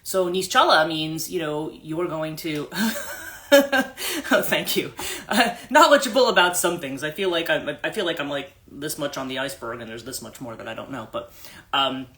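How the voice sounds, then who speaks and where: A woman's voice: deep voice, fairly even intonation, brisk, fairly bright tone. A woman life coach hosting a livestream, telling a story casually with many restarts and asides, into a phone mic.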